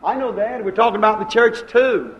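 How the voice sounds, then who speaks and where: A male preacher delivering a sermon with emphatic, repetitive phrasing and sudden swings between soft and loud delivery. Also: high-pitched, brisk, dull audio.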